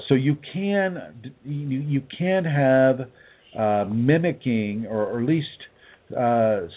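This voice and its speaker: A man, a spiritual teacher, answering listener questions on a broadcast in a halting way with many fillers and restarts. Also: mid-range voice. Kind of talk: casual radio broadcast talk. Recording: tinny phone line.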